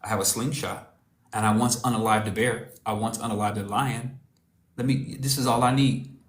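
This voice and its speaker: A cocky young David who talks in easy street slang, played by a man in his own low voice. He sounds confident, and the room adds a noticeable echo. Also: fairly even intonation, normal speed, lightly acted.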